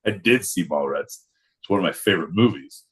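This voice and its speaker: A man's voice: low-pitched, expressive, a little fast, husky. A man co-hosting a podcast, rambling through crude jokes and laughing often in casual banter. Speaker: podcast co-host.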